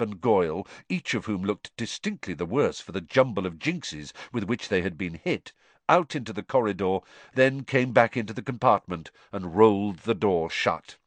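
A man narrating an audiobook in an expressive way, shifting voices for the characters. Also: lowish voice, dry recording.

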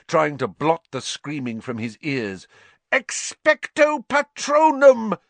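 A man reads a storybook aloud at an unhurried pace. His pitch rises and falls with lively drama. The recording is dry and close. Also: dry recording. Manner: measured and dramatic. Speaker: audiobook narrator. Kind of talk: scripted storybook narration.

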